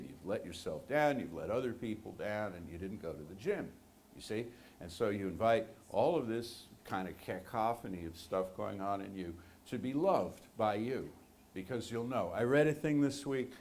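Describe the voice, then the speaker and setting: A man's voice: medium pitch, darkish tone, slight background noise. A man preaching a sermon to a congregation, speaking conversationally and with animation, joking with his listeners. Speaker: minister. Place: church sanctuary.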